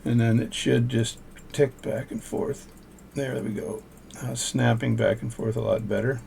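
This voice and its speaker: Speaking at a slightly slow pace, this older man has a mid-range, darkish voice with vocal fry and fairly even intonation. He's a watchmaker casually narrating repairs at home, chatting and thinking aloud as he moves from one task to the next. Slight background noise is present.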